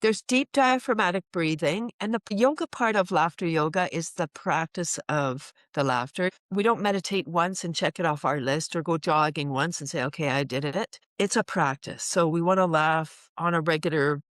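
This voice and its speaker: A woman's voice: on the low side, normal speed, few pauses, no room sound. A woman who teaches laughter yoga, talking in a casual interview and acting out little voices and laugh sounds as she goes. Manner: animated, acts out voices and laughs.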